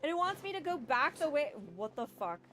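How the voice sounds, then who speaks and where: A woman streaming a video game, complaining and cursing at it, swinging between low muttering and loud outbursts. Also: big pitch swings, a little fast. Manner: frustrated, swearing, swings from muttering to yelling. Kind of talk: live gameplay commentary.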